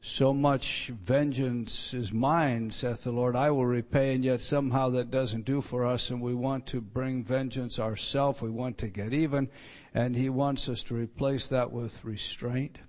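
A man's voice: mid-range voice, fairly even intonation, measured pace. A male pastor preaching an evening sermon, reading scripture aloud and stressing key words, with frequent restarts.

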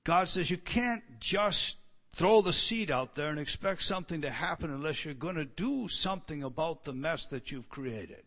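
A man's voice: on the high side, lively intonation, moderate pace, sharp tone. A man preaching an expository sermon, emphatic and repetitive, who often restarts his sentences and rises on key words. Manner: stammering restarts. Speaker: pastor.

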